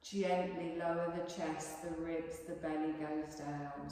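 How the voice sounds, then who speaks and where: Soothing yoga teacher in an echoey hall. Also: female voice, fairly low pitch, recorded from a distance. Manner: calm, soothing, gently coaxing. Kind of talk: guided relaxation instruction. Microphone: distant room mic.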